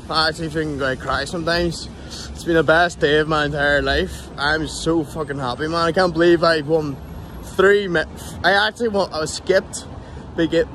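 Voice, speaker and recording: Excited rambling young man vlogging. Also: high-pitched, slight background noise. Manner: excited, rambling, swears a lot, many restarts. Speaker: bodybuilder vlogger. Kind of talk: casual vlog talk to camera.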